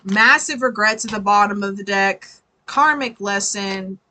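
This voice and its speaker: Bright-voiced woman reading tarot live. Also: mid-range voice, unhurried, low-quality recording. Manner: chatty, swears freely, laughs often. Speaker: tarot reader.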